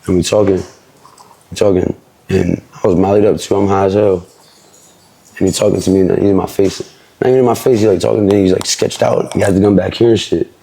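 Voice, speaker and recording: A man's voice: low voice, fairly even intonation, quick pace, creaky, mellow, breathy edge. A young man from Philadelphia, a rapper, telling his story in rambling street slang as an interview guest. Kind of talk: casual storytelling.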